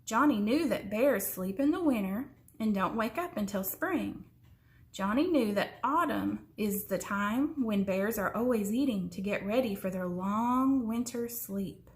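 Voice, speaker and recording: A woman reading a children's story aloud in an expressive way, slowing down for suspense. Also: medium pitch. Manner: expressive, slows down for suspense, sometimes drops to a whisper.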